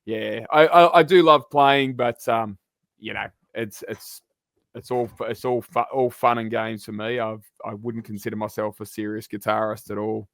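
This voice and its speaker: A man, a guest on a sports podcast, chatting in a relaxed, rambling way. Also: fairly low pitch, normal speed, no echo. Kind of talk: casual sports podcast chat.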